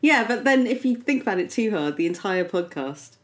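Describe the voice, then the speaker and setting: Brief: female podcast co-host, mid pitch, dry and measured delivery. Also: lively intonation. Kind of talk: casual comedic chat.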